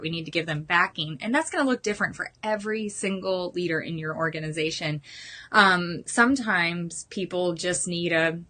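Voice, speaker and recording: A woman in her thirties giving an earnest, animated motivational training talk to her team. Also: fairly low pitch. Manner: earnest and animated, addresses listeners as you guys.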